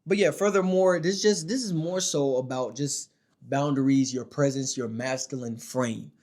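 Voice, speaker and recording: A man's voice: normal speed, a little mellow. Emphatic slangy man giving advice. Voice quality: voice not especially deep. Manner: emphatic, slangy, keeps checking in with "all right?" and "my dog". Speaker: dating advice creator. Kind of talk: casual direct-to-camera monologue.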